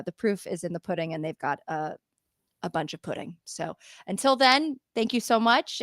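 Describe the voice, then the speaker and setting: A woman's voice: mid-range voice, no echo, studio quality. A woman hosting a podcast interview, chatty and casual, often restarting her sentences and laughing. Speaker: podcast host.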